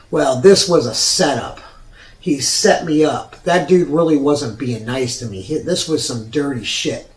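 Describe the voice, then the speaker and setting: A man's voice: mid-range voice, unhurried, far from the mic. A man hosting his own show, telling a personal story in a rambling, profane way with many restarts. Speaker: show host. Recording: roomy sound from off mic.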